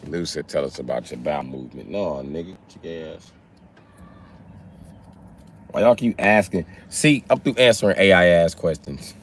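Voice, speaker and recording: Young man from the Chicago area, low voice, profane and rambling livestream banter into a phone mic. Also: normal speed, pauses often, a little hiss or hum. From Chicago area, USA. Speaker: livestream host. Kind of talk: casual livestream chat.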